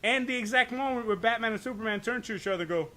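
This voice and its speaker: A man's voice: very high voice, rapid-fire, sharp tone. A man co-hosting a podcast, talking in a loose, profane ramble, often checking in with "right?" and stumbling over restarts. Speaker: podcast co-host. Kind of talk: casual podcast discussion.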